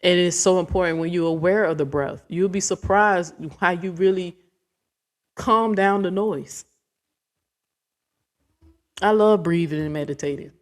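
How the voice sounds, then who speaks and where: A woman's voice: on the low side, unhurried, long pauses. Woman vlogger, casual rant, blunt and rambling with swearing. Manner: blunt, profane, rambling and emphatic.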